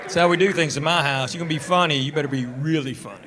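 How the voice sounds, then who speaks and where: A high-voiced man doing stand-up, spinning a story in a dry, unhurried way and slipping into other people's lines. The live recording carries clear background noise throughout. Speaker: stand-up comedian. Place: comedy stage before a live audience.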